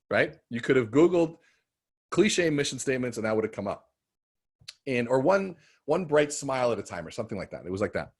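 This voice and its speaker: A middle-aged man leads a live sales training over a screen-share call. His voice sits in a mid range, and his storytelling runs from punchy outbursts to hushed, heartfelt stretches. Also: mid-range voice, fairly quick, breathy edge. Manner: animated storytelling, swinging from loud bursts to quiet emotion. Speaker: sales coach.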